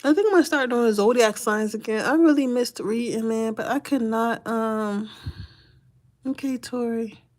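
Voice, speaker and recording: A chatty woman with a fairly high voice gives casual live-stream tarot readings. She talks in loose slang and laughs often as she goes. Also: normal speed, darkish tone. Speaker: tarot card reader.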